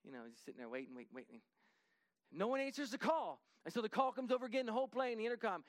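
A man with a notably high voice recounts a story in a lively, conversational way. He often restarts and repeats himself. When he voices other people, he drops into a hushed tone. The recording is close and dry, with no room sound. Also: very fast, no echo. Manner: lively, acts out dialogue, drops to a hushed voice for quotes; frequent restarts and repetitions.

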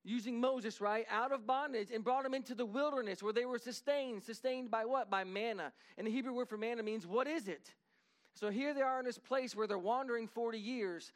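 A middle-aged man preaches a sermon in a high, smooth, resonant voice. He talks animatedly and climbs to emphatic peaks as he drives each point home. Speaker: pastor.

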